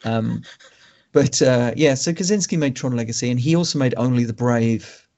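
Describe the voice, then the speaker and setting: A man's voice: medium pitch, moderate pace, darkish tone. A man, co-hosting a casual film podcast and making wry, teasing asides. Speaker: podcast co-host. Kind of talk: casual film review chat.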